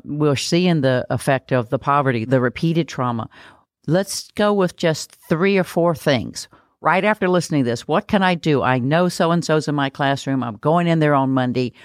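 A man's voice: fairly high pitch, dry recording, clean studio sound. A man hosting an interview, encouraging the guest and steering toward practical advice. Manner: encouraging, brisk wrap-up questions. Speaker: host.

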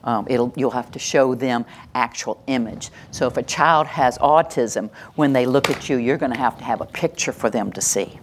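An older woman presenting a live workshop, lively and demonstrative, acting out examples and leading the audience through exercises. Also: rumbling low, normal speed, few pauses, noisy background. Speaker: workshop presenter on calming children. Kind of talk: live teaching talk to an audience.

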